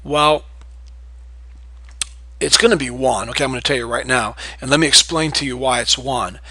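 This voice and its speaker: A man's voice: mid-range voice, normal speed, bright, forceful tone, breathy edge, no echo. A man teaching a math test-prep lesson, talking straight to his students and asking and answering his own questions.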